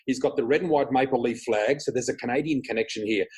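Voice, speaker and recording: An Australian man with a husky, slightly breathy voice, speaking at an ordinary middle pitch. He is a podcast guest who tells his stories with animation and slips into other people's lines as he goes. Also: fast, a little mellow, rough recording. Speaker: guest, psychic flower reader. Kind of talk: conversational storytelling.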